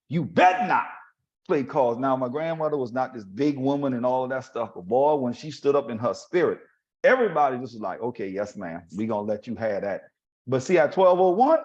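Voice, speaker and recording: A man hosting a podcast, telling heartfelt stories about his grandmothers, laughing often and turning soft and emotional. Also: mid-range voice. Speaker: podcast host. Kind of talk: heartfelt personal storytelling. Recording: slightly dull lo-fi sound.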